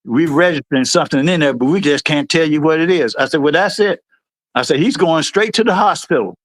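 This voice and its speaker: In a dry recording, a middle-aged American livestream host talks a little fast while spinning service stories. He plays out the people in them with animation, quoting them in a higher voice.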